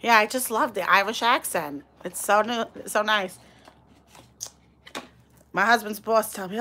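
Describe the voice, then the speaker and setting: A sharp-toned, mid-range voice belongs to a middle-aged New York woman hosting a casual livestream on her phone. She takes her time and pauses often while gushing, greeting viewers by name, and reading their comments out loud.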